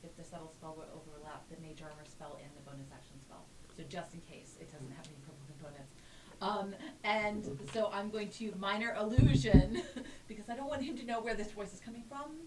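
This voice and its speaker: A woman's voice: mid-range voice, brisk. A woman playing a tabletop game, thinking aloud hesitantly about her spells. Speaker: player. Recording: echoey room, distant mic, noisy.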